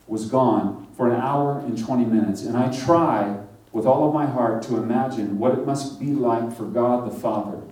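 A man's voice: medium pitch, dark tone. A man preaching a sermon in a conversational way, asking his listeners questions and acting out short quotes. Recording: roomy echo, voice from a distance.

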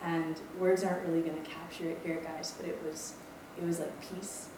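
A woman's voice: low-pitched, level tone, moderate pace. Woman, 20s, from Maui, campus ministry speaker telling her testimony. Chatty, self-deprecating, filler-heavy. Far, roomy recording with background noise. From Maui, Hawaii. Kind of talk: personal testimony talk. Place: lecture room. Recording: echoey room, distant mic, background noise.

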